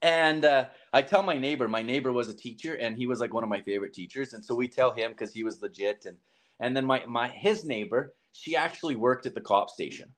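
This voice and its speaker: Animated man telling a story. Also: a little fast. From southern Alberta, Canada. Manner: animated, acts out quoted lines with big pitch jumps. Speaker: podcast guest. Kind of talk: casual storytelling in conversation.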